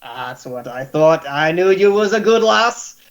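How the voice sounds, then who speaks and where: A man's voice: expressive, a little slow. A man voicing a jolly old male tavern keeper who talks in a hearty, folksy way. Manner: hearty, booming, folksy 'aye, lassie' talk.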